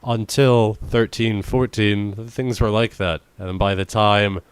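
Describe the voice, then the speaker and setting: A man with a low voice trades jokes on a casual podcast and reads out strange news items with sarcastic asides. His voice is recorded close and dry. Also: fairly even intonation, takes it slowly, clear, resonant tone, no echo. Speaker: podcast co-host.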